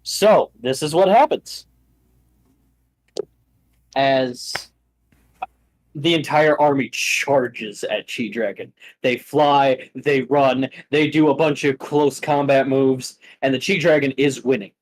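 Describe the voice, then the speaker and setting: A man running a tabletop game as game master, narrating the fight in an unhurried, drawn-out way. His voice sits at a middle pitch, and he tells the action with animated storytelling. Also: rough recording.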